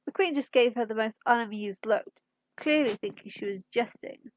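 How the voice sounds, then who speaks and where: Woman reading fanfiction aloud, high voice. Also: no echo, muffled recording. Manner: unhurried storytelling with small slips. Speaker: fanfiction reader.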